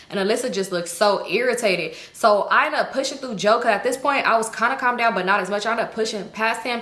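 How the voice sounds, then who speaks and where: A woman telling a personal story in a casual vlog, animated and full of profanity. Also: medium pitch. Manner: heavy cursing, animated retelling. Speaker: storytime vlogger. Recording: roomy echo.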